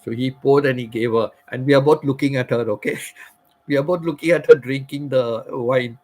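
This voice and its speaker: A man's voice: mid-range voice, fairly even intonation, a little fast, darkish tone, poor audio. A middle-aged man, casually telling a personal story as a channel host, rambling and repeating phrases. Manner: rambling, repeats phrases, laughs at his own stories.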